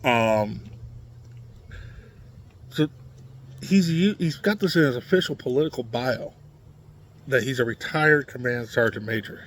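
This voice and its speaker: A man's voice: medium pitch, animated, unhurried, pauses often. A man from Nebraska giving a blunt, combative opinion monologue to camera, with many fillers and restarts. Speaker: political commentary vlogger.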